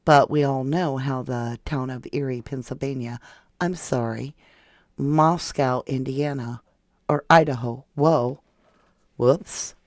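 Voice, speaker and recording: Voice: mid-range voice, fairly even intonation, slow, darkish tone, no echo, clean studio sound. A true crime livestream host talking casually and sarcastically, reading out viewer comments and answering them. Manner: chatty, sarcastic, reads viewer comments aloud. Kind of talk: casual live-chat commentary.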